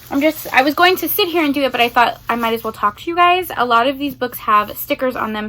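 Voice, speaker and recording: A woman's voice: a little high, sharp tone. A young woman chatting casually and at length as a book vlogger, sitting on the floor at home. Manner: chatty, rambling. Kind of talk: casual vlog chat.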